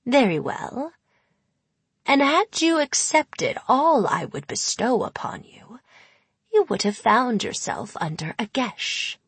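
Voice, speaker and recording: A woman's voice: medium pitch, husky, dry recording, full character voice. Woman voicing an ancient purring hag. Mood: grudging. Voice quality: purring, whispery. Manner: sly, deliberate, cold. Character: ancient sly female hag, cold and menacing. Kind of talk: audiobook character voice.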